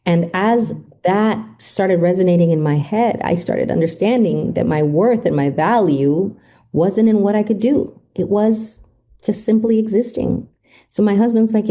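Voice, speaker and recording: Woman guest telling her story, acts out the quotes, real mellow dark voice. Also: fairly low pitch, measured pace. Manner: emotive retelling, acts out quoted speech. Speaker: podcast guest. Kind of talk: personal storytelling interview.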